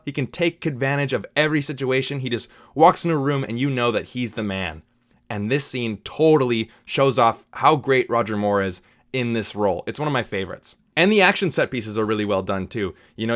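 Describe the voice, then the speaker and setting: A man's voice: mid-range voice, a bit bright. A man giving a casual spoken film review, chatty and opinionated, with frequent asides to the viewer.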